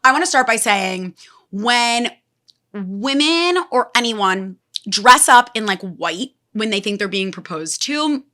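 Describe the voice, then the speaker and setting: A woman's voice: on the high side, animated, slow, bright, forceful tone. A woman hosting a podcast in a casual, chatty way, eating as she talks and using lots of fillers. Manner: chatty, eating while talking, many fillers. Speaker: podcast host. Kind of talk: casual chat.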